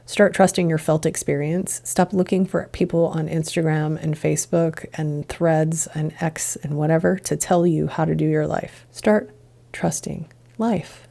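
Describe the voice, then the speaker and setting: A woman's voice: low voice, flat delivery, normal speed, creaky, few pauses, mellow. A woman hosting a podcast, musing earnestly in a reflective solo monologue full of rhetorical questions. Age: adult, past childhood and drinking years. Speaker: podcast host, integration coach.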